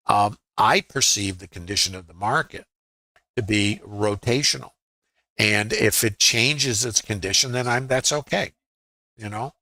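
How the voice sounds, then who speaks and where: This man in his sixties teaches futures trading and is giving viewers live market commentary. His lowish, sharp-toned voice comes through a low-quality recording with no room sound. He chats casually, poses rhetorical questions as he thinks, and regularly makes sure his audience is following.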